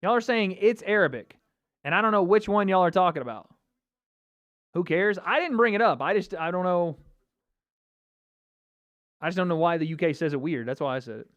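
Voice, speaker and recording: A man's voice: sits high, lively intonation, fairly quick, pauses often, a bit bright, dry recording, muffled recording. A man hosting a casual livestream watch party, chatting and reacting to viewer comments. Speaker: livestream host.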